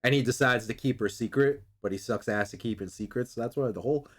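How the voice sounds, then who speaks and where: A man's voice: mid-range voice, fast. A man chatting casually, swearing freely and acting out characters' lines as he recaps a show. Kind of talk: casual chat recapping an anime episode.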